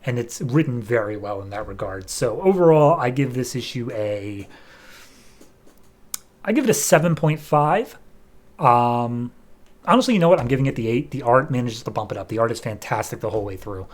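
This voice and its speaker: A man's voice: mid-range voice, lively intonation, moderate pace. A man hosting a podcast, giving a loose, chatty review full of fillers like "like" and "um". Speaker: podcast host reviewing comics.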